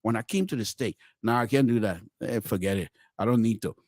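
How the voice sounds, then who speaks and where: A middle-aged man, hosting a podcast and telling a personal story with many restarts, swinging between loud exclamations and low murmurs. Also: fairly quick, dry recording, clean studio sound. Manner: frequent restarts and repeated words. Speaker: podcast host. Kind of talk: storytelling commentary.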